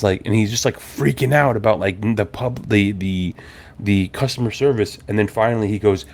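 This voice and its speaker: A young adult man hosting a podcast, telling a story in a casual, animated way, swearing and acting out the people in it. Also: on the low side, fairly quick. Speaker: podcast host.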